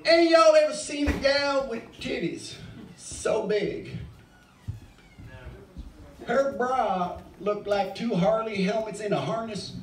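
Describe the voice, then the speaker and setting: A man's voice: very high voice, takes it slowly, pauses often, slight background noise. A middle-aged man doing open mic stand-up, rambling and swearing freely. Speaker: stand-up comic. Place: bar stage. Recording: echoey bar, mic far off.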